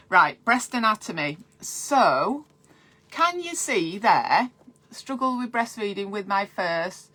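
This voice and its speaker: Bright-voiced chatty midwife. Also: female voice, medium pitch, sing-song, slow pace. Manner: chatty and digressive, breaks off to read viewer comments. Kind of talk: live-streamed breastfeeding advice.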